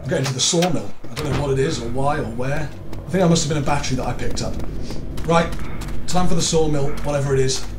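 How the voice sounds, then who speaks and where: A man's voice: medium pitch, quick pace, reverberant, noisy background. A British man commentating a horror game, nervous and jokey, swearing a lot and screaming in fright. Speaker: gaming YouTuber.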